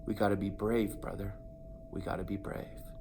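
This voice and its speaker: A man playing his young male cousin, who urges courage in a low, hushed voice. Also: flat delivery, moderate pace, creaky, slight background noise. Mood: hushed urging.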